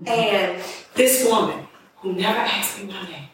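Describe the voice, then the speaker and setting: A woman's voice: medium pitch, unhurried, a little hiss or hum. A woman giving an earnest, emotional personal testimony in a conversational way. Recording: distant mic in echoey room.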